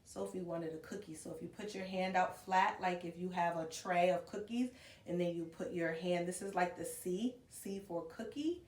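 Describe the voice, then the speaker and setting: A woman's voice: lowish voice, moderate pace, darkish tone. A woman reading a storybook to young children and leading them through movement exercises, counting aloud and coaxing them along. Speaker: preschool teacher reading aloud. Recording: roomy echo from a distant camera.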